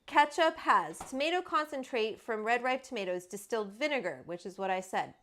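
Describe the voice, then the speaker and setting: A woman's voice: on the high side, expressive, a little fast, a bit bright. A woman from Alberta, Canada, hosting a casual cooking livestream in her home kitchen, chatty and rambling with casual swearing. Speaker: cooking show host.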